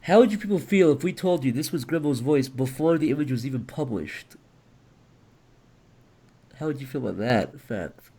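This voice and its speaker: A man chatting casually on a livestream, animated, profane and quick to laugh. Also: medium pitch, slightly rough. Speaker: streamer.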